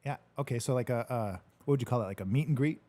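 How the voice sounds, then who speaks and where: A man's voice: mid-range voice, quick pace, mellow. A man hosting a casual livestream, reading viewer comments in a laid-back, joking way and swearing now and then. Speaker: podcast host reading live comments. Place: home studio.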